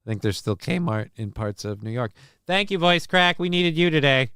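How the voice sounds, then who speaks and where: Man, from the Midwest, livestream host, joking, rambling, smooth tone, dry recording. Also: fairly high pitch, animated, normal speed, sharp tone, no echo. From American Midwest. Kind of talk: casual livestream commentary.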